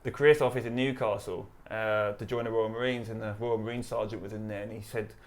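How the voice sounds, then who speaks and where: Speaking with a London accent, this East London man in his thirties, an army veteran who founded a charity, recounts his story in a casual interview. He talks fast in a lowish voice, relaxed and chatty, laughing while he retells it.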